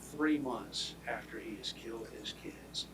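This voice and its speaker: A man delivers a prosecutor's closing argument, speaking emphatically and swinging between loud declarations and hushed near-whispers. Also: on the low side, huge pitch swings, a little slow, creaky, noisy background. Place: courtroom. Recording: echoey courtroom audio from far off.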